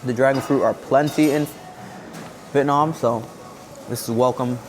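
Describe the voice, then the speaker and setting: Picked up by a camera-mounted shotgun mic, this man's mid-range voice holds a steady tone at normal speed, with a little hiss or hum. He's vlogging a casual review of an indoor hotel buffet, chatting while he tastes. Each bite gets savored with contented hums.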